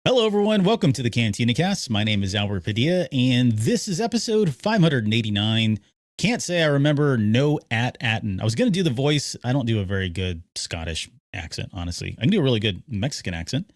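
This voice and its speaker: A man's voice: medium pitch, sing-song, brisk, no echo. Joking male podcast host, dry sound. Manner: jokey, loose, many fillers. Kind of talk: casual podcast chat.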